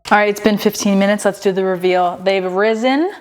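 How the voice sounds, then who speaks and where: A woman with a mid-pitched voice chats to her viewers from her home kitchen. She gushes over her baking with enthusiasm, often repeating herself for emphasis. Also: fairly quick, soft background music. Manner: enthusiastic, gushing, repeats phrases. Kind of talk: casual chat to camera.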